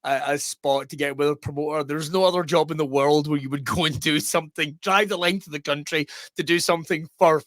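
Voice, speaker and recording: A middle-aged man hosting a podcast in casual chat, telling lively stories, laughing often and swearing freely. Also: on the high side, brisk, few pauses, dry recording, studio quality. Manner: laughing, swearing, animated storyteller. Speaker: podcast host.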